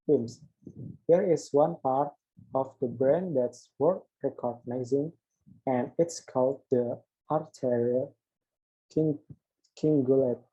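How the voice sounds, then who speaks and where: Slow, husky young man reading a script. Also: mid-range voice, dark tone, dull audio. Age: young adult. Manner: halting read-aloud with restarts on words. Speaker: student presenting an assignment. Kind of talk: reading an interview script aloud, voicing both host and guest.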